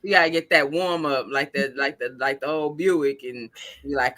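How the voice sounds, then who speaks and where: A woman's voice: very deep voice, moderate pace, a bit bright. A woman hosting a podcast, chatting casually and acting out family stories with lots of quoted dialogue. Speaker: podcast host. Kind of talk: casual chat.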